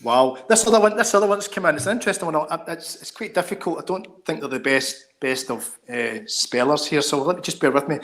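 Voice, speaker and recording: A Scottish man with a slightly raised voice reads fan letters aloud on a football podcast. His reading is slow and dry, and he lingers over the lines. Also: fairly high pitch, expressive, fairly bright tone. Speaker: podcast co-host. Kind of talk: casual chat, reading out joke letters.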